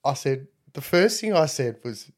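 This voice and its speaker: A man casually recounting a story, rambling and animated when quoting others. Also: mid-range voice, normal speed.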